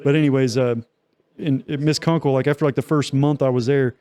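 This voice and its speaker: A man's voice: medium pitch, fairly even intonation, fairly quick, warm tone. A young man co-hosting a podcast, telling a long story in loose, profane casual chat with many fillers. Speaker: podcast co-host.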